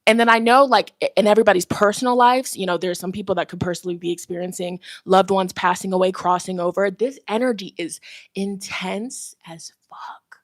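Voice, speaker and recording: A woman's voice: medium pitch, steady tone, fast, hardly any pauses, no room sound, clean studio sound. A young woman hosting a tarot live stream, chatting casually and animatedly with her viewers and laughing often.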